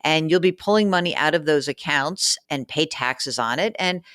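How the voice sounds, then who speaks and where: A woman's voice: sits low, expressive, normal speed, fairly bright tone, no room sound, clean studio sound. A woman hosting a personal finance podcast, talking through listener letters in a frank, chatty, teasing way. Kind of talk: casual advice talk, reading listener letters.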